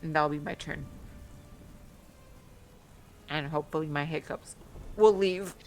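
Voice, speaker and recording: A woman playing a tabletop game while she has the hiccups. She speaks slowly at a fairly low pitch and hesitates often with ums. Faint ambient noise sits behind her. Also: darkish tone. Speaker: player.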